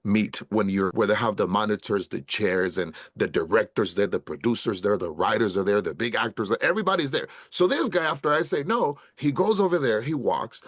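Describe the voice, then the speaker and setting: A middle-aged actor, appearing as a podcast guest, tells a story in a casual interview, animatedly acting out what people said and calling the host "bro" and "brother" often. He speaks with street slang at a medium pitch, recorded with clean studio sound and no room sound.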